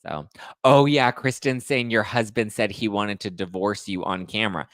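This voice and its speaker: A man's voice: lowish voice, fairly even intonation, normal speed, a bit bright, no echo. Male podcast host, chatty gossip delivery, dry close recording. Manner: chatty, rambling, full of "like" and "listen". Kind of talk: casual gossip chat.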